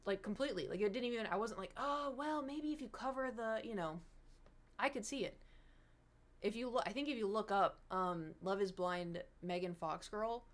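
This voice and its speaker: A young woman chatting casually with viewers on a livestream, rambling and animated, slipping into mocking impressions. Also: medium pitch, moderate pace. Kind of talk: casual stream chat with viewers.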